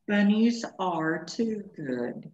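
A woman voicing a great silver male wolf who speaks slowly, deliberately and gently. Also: mid-range voice, expressive, slight background noise. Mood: gentle. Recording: echoey room, dull lo-fi sound.

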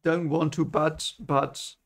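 A man's voice: on the high side, flat delivery, slow, vocal fry. A man reading the lines of a troubled, reluctant young man who pleads earnestly with his friends. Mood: pleading.

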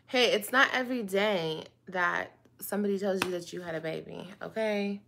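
A woman's voice: medium pitch, moderate pace, gravelly, a bit bright, a little hiss or hum. A woman talking to her viewers in a casual monologue, dramatic and drawn out, addressing them again and again. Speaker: online video host.

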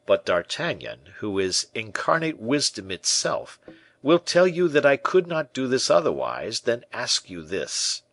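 A man voicing a suave, scheming churchman who speaks in soft, honeyed tones. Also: medium pitch, sing-song, a little slow, no room sound, pitched above the performer's own voice, heavily acted.

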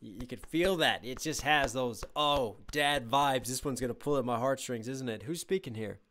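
A man's voice: mid-range voice, fairly quick. A man, a rapper, talking casually and reflectively as he reacts to a stage musical, openly moved by what he hears. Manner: warm, reflective, easily moved. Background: faint show music.

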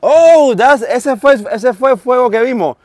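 Excitable man whooping on a fishing boat. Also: extremely high pitch, normal speed. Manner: exclaims loudly and whoops at catches. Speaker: fishing vlogger. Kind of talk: excited casual commentary. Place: small boat offshore in the Gulf.

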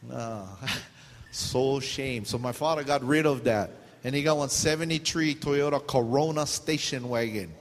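A middle-aged pastor with a medium-pitched, unhurried voice and a Hawaiian Pidgin-tinged accent shares humorous stories as part of his sermon. Lively and chuckling mid-tale, he's heard with long hall reverb and faint background noise.

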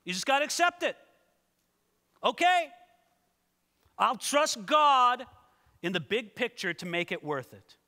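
A male pastor preaching a sermon in a lively way, speaking directly to his listeners. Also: extremely high pitch, unhurried, pauses often, big-room sound. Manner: animated, talks straight to listeners. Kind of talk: expository sermon.

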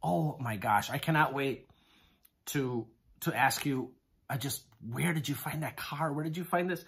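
A man's voice: mid-range voice, measured pace, gravelly, fairly bright tone. Gushing man opening mail on camera. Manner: gushing, exclamatory, keeps repeating "oh my goodness". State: excited, hands shaking. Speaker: haul vlogger. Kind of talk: casual unboxing chat to camera.

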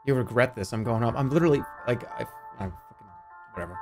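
A man streaming a game, commenting in an excitable, profane, rambling way. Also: mid-range voice, fast talker, soft background music. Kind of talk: live gameplay commentary.

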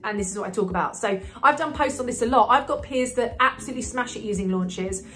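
A woman's voice: a little high, quick pace, bright, forceful tone, soft background music. A woman business coach giving marketing advice to camera in a chatty, upbeat way, with frequent fillers and restarts. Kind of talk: talking-head marketing advice video.

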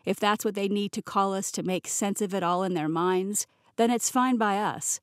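An easygoing, mischievous young king who can snap into a loud, commanding tone, as a woman narrator puts him on. He is heard in an audiobook with a dry, close studio sound and a mid-range pitch. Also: moderate pace, dry recording, natural voice. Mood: playful. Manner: easygoing, turns stern and loud when giving orders. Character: young male interim king, playful but commanding. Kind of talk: audiobook character voice. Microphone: close studio mic, dry.

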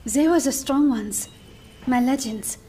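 A shy young engineer speaks in a high, soft voice, stumbling and restarting as she searches for words. She is earnest and gentle rather than bold. A scene from a game cinematic. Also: unhurried. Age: young adult. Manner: hesitant, stammering, gentle.

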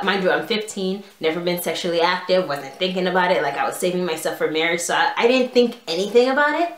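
A woman's voice: fairly low pitch, fairly quick. Young woman doing a storytime vlog, chatty, lotsa "like", roomy echoey sound. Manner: casual, animated storytelling with lots of "like". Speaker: vlogger. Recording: echoey room.

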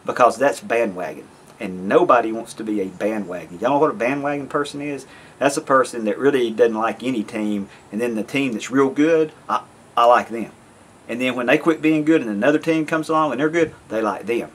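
A YouTube vlogger from the American South talks casually to camera in a mid-range voice with a breathy edge, a little fast. He rambles in a folksy way, repeating himself and interrupting his own thoughts.

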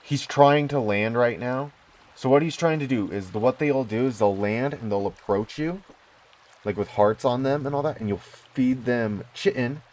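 A man giving casual commentary on his own gameplay, excitable and prone to bursts of delight. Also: medium pitch, moderate pace. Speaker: gaming YouTuber.

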